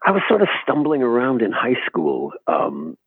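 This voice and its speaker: An older man from Buffalo, New York, a guest actor telling stories in an interview, halting and restarting with chuckles. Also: mid-range voice, huge pitch swings, vocal fry, husky, no room sound. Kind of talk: casual interview storytelling. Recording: tinny phone-like remote line, dry.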